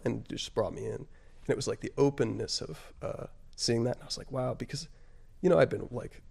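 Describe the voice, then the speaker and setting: A man telling his personal story as an interview guest, halting and reflective, often pausing on fillers and dropping his voice on emotional points. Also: mid-range voice, gravelly, darkish tone, breathy edge. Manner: halting and reflective, frequent "like" and "you know" fillers.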